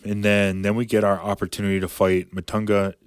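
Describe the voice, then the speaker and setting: A man's voice: fairly low pitch, little pitch movement, brisk, clean tone, no echo. A man in his thirties, a professional fighter, talking casually as a podcast guest and rambling with lots of filler words. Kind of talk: casual storytelling chat.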